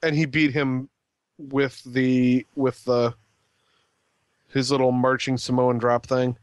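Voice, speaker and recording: A man's voice: medium pitch, level tone, takes it slowly, dry recording. Rambling male podcast co-host, dry sound. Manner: rambling with frequent ums and restarts. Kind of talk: casual wrestling chat.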